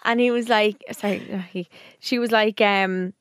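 A young woman co-hosting a podcast, telling a story in animated casual chat with quick asides and swearing. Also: medium pitch, smooth, no room sound, clean studio sound. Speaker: podcast co-host.

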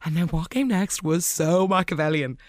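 A woman's voice: on the low side, normal speed, no room sound, studio quality. A woman hosting a casual episode recap in a chatty, gushing way, acting out the lines she quotes. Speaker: soap opera recap host.

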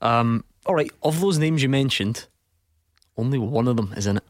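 A man hosting a football phone-in, jokey and quick to laugh. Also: mid-range voice, lively intonation, dry recording, studio quality. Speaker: radio phone-in host. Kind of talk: casual sports radio chat.

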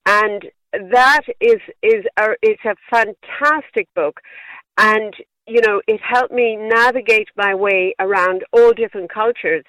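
A woman with a Wexford country accent speaks down a tinny phone line into a radio phone-in. Her voice is bright and forward, with a very dry close sound. She talks earnestly and with pride, and laughs lightly between phrases. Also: medium pitch, measured pace, no room sound. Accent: Wexford Irish. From Ireland. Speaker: caller.

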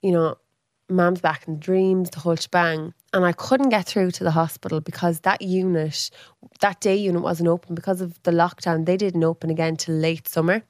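A woman's voice: fairly even intonation, normal speed, no echo, studio quality. A woman, chatting as a guest and telling a personal story, acting out what people said with big jumps in her voice. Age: 30s. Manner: chatty, acts out quoted speech with big pitch jumps. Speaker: podcast guest. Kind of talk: casual storytelling.

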